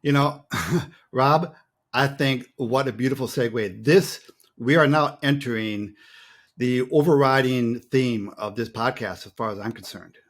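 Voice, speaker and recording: A man co-hosting a casual podcast, speaking in a lively, emphatic way. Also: mid-range voice, unhurried. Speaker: podcast co-host.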